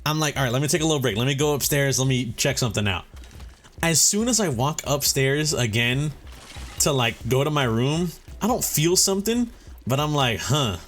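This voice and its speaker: A man's voice: mid-range voice, fairly quick. Tired young man rambling over gameplay. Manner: rambling, animated storytelling with acted-out quotes. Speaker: gaming video host. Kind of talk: casual chat over gameplay. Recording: faint music behind.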